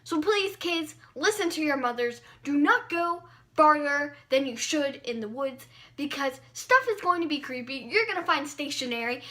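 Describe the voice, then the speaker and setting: Woman vlogger, story time, high bright voice, dramatic delivery. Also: expressive, moderate pace.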